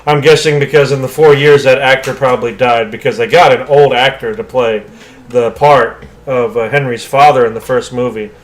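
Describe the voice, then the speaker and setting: A man's voice: mid-range voice, fairly even intonation, moderate pace. A man co-hosting a podcast, chatting casually and opinionatedly about an old movie, swearing freely. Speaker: podcast co-host.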